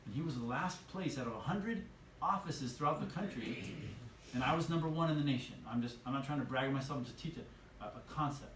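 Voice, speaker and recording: A man's voice: mid-range voice, fast, fairly bright tone. A man giving an enthusiastic motivational sales training talk to a live audience, asking them questions. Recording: echoey room from far off, light hiss.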